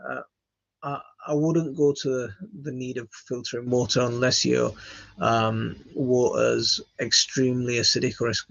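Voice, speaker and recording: Host: man, gravelly, husky, casual live Q&A, hesitant delivery, dull dry recording. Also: mid-range voice, no echo. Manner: halting, reading out comments with many fillers. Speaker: channel host answering viewer questions.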